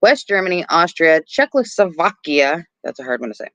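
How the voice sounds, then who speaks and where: A woman's voice: lowish voice, big pitch swings, moderate pace, fairly bright tone, dry recording, muffled recording. Giggly, foul-mouthed woman podcaster. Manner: laughs often, swears freely, self-deprecating. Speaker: podcast co-host. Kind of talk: casual chat.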